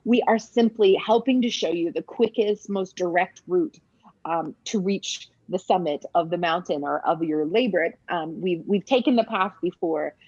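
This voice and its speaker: A woman midwife walks through a birth video with warm, eager, explanatory commentary, often pausing on little ums. Her voice sits on the low side and is husky and a touch breathy, recorded close and dry with no room sound and a slightly dull, lo-fi quality.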